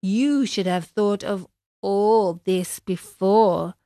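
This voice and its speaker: A woman voicing a kind, fat little female dormouse who speaks softly and sadly. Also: mid-range voice, drawn-out words, dry recording, studio quality. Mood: gently grave.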